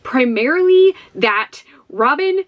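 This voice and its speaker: A woman's voice: high voice, animated, slow pace, dull audio. A woman from Ohio chatting casually to camera about books. She is bubbly and chatty, and often breaks into laughter. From Ohio, USA. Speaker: book vlogger.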